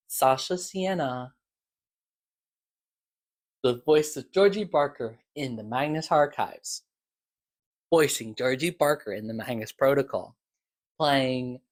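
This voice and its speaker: A man talks through podcast episodes in a loose, rambling recap, leaning on filler words and doubling back as he goes. His voice sits at an ordinary middle pitch for a man. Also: slow pace, long pauses. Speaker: podcast reviewer.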